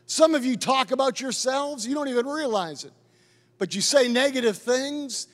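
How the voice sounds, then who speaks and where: A middle-aged man preaching a sermon as a pastor, impassioned and building to loud declarations. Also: extremely high pitch, moderate pace. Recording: long hall reverb.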